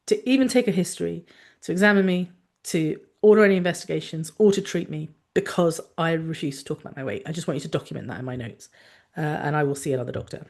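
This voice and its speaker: A woman's voice: sits low, fast talker. A woman speaking as a worn-out mother and teacher who hesitantly but firmly asks a doctor for help. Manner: hesitant, quietly insistent. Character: weary mother and teacher, patient pressing doctor.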